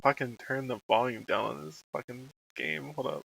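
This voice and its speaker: A man's voice: mid-range voice, moderate pace, creaky, fairly bright tone, slightly rough, no echo, rough recording. A man live-streaming a video game, chatting casually and grumbling with swearing and muttered asides. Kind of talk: casual gaming stream chat.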